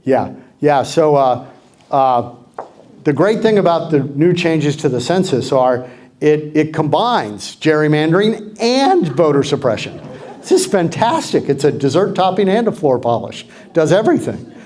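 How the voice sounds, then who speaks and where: A man's voice: fairly high pitch, big pitch swings, unhurried, darkish tone, a little hiss or hum. A middle-aged man speaking as guest at a club meeting, with wry, joking sarcasm and a dry delivery. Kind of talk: political club talk with Q&A. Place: community clubhouse meeting room.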